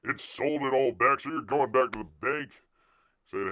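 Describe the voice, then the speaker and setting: A man hosting a casual live stream, ranting with loud outbursts and muttered asides. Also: medium pitch, normal speed. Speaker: livestream host.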